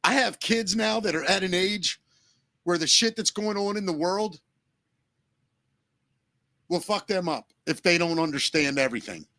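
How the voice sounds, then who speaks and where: A man co-hosting a podcast, speaking earnestly and emotionally, close to tears, with halting restarts and swearing. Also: high voice, pushed and bright, no room sound. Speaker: podcast co-host.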